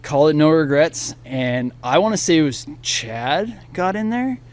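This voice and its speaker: A man's voice: a little high, big pitch swings, measured pace, a little mellow. A man in his thirties on a podcast, telling a story casually and acting out the people he quotes. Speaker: podcast guest.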